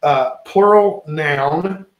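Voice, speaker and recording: A man's voice: fairly high pitch, drawn-out words, echoey room, dull audio. A man running a word game among friends and hurrying them to answer. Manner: pushy, hurrying others along. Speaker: game leader asking for words. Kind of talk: casual group game.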